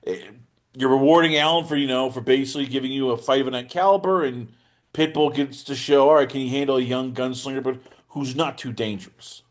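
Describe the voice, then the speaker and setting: Animated joking male podcast host. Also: a little fast. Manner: animated, jokey, teasing, swings in pitch and loudness. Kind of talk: casual podcast chat.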